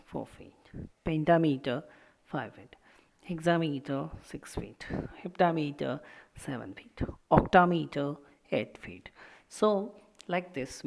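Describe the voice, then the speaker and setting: Low gravelly woman teaching poetic metre. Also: darkish tone. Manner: explains step by step, repeating "see". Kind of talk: classroom lecture on poetic metre.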